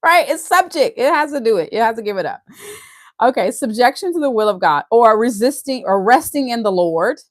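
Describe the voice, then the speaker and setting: A woman with a Louisiana Southern accent reads aloud and comments in an animated, emphatic rush, often laughing between points. Her voice sits in the middle of the range and is heard close and dry, with no room sound around it. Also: fairly high pitch, brisk, no echo. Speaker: host reading and discussing a book. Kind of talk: casual teaching, reading aloud with commentary.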